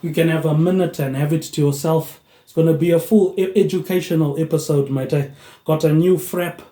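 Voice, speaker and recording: A male vlogger meanders along, tacking "mate, eh" onto his sentences at a slightly quick clip and an even tone. His voice is a touch high, warm and mellow. With no mic, just a phone or tablet, the room's echo surrounds him.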